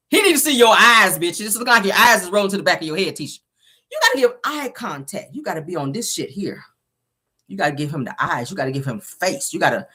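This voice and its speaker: In a gossipy reality show rundown, this sassy woman keeps laughing and acting out quotes. She sounds bright and sharp with a husky edge, and her pitch goes all over the place.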